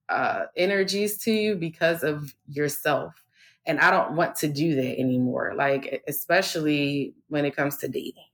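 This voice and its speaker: A woman in her thirties talks in an unguarded, rambling way, swearing freely and circling back with fillers as she chats. Her voice sits a little low for a woman. The feel is easygoing, open podcast talk. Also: fairly bright tone. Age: 30s. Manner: candid, profane, rambling with many fillers. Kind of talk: casual chat.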